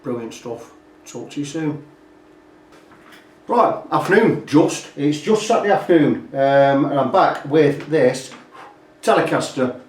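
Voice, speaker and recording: A man's voice: on the high side, measured pace, long pauses. Chatty man in an echoey workshop. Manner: rambling, chatty, fills gaps with "blah blah". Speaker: guitar repair technician. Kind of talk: casual workshop walkthrough. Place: repair workshop. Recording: roomy, distant workshop sound.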